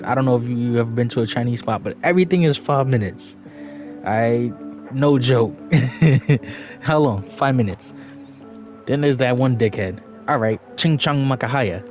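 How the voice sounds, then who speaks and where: A man's voice: mid-range voice, a little mellow. New man, profane casual storytelling. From New York. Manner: loose, profane, chuckling storyteller. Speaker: livestreamer. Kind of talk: casual storytelling while gaming.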